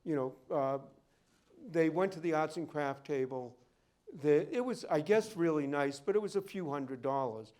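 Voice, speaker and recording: Rambling anecdotal man, somewhat high voice. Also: normal speed, a little mellow. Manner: rambling storyteller, goes off on tangents. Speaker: rare book dealer and appraiser giving a library talk. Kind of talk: public talk with anecdotes. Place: library event room.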